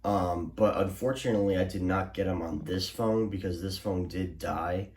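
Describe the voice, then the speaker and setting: Low-voiced young man rambling in an echoey room. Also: fairly even intonation, normal speed, darkish tone. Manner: rambling, many restarts and fillers. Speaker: weather alert vlogger. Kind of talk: casual recap to camera. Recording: roomy echo.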